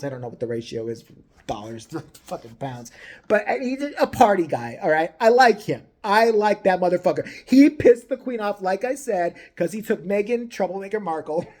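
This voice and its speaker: A woman's voice: fairly low pitch, darkish tone. A woman in a crude comedic rant, profane and mocking, on her own vlog. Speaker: vlogger.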